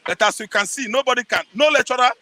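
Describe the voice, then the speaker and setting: Nigerian man, middle-aged, high and sharp voice, preachy vox-pop rant with rhetorical questions. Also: quick pace, no room sound, poor audio. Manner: preachy, asks rhetorical questions and answers them himself; repeats phrases for emphasis, sometimes shouting. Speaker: interviewee. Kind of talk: impassioned street interview rant.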